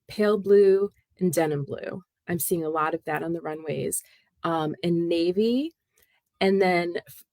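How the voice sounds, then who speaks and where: A woman's voice: on the low side, a little mellow, dry recording. Chatty woman hosting a knitting livestream. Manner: chatty, emotional, laughs often, addresses viewers by name. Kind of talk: casual livestream chat.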